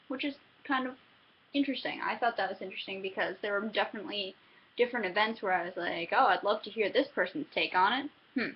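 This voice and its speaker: A woman's voice: fairly high pitch, slightly rough, muffled recording. A young woman giving a casual book review, chatty and self-interrupting, often laughing between thoughts.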